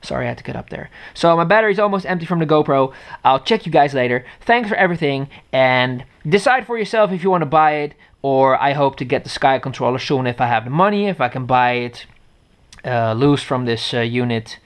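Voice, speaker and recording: A man with a Dutch accent, speaking off the cuff in a smooth, resonant voice at a mid pitch. He rambles and restarts his sentences often as he reviews a gadget into a head-mounted action camera. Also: animated, brisk. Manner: rambling, with many fillers and restarts. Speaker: tech reviewer. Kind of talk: unscripted casual review.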